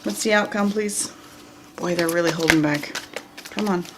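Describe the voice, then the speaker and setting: A tarot reader with a lowish voice and moderate pace reads cards for her viewers, addressing them directly in a chatty, casual style and laughing often. The recording is very noisy.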